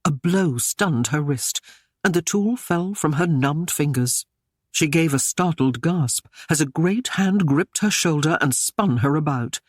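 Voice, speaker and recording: Reading from a script, this narrator lends his somewhat high-pitched voice to a historical romance audiobook, keeping his delivery measured and even. The studio sound is clean, with no echo at all.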